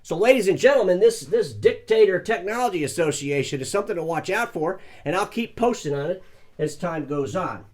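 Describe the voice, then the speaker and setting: An older man delivers a satirical news monologue with folksy, mock-earnest asides. His voice sits a little high for a man and swings widely up and down as he talks. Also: lively intonation, brisk.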